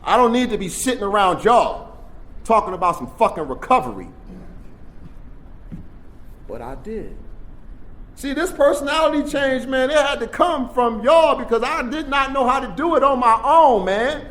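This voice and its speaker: A man telling his recovery story at a workshop, in streetwise storytelling that swings from hushed to loud. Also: extremely high pitch, lively intonation, moderate pace. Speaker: recovery meeting speaker. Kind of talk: personal recovery share at a workshop. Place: convention workshop room.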